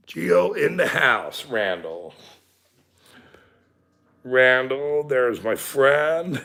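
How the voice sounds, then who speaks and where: A middle-aged man rants to his livestream audience, cursing and mocking as he goes. His voice is high and heavily gravelly, with a slow, deliberate delivery and wide swings in pitch. The tone is sharp and bright. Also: sing-song. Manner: profane, sarcastic ranting, talks to chat. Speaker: livestream host. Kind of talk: ranting livestream chat.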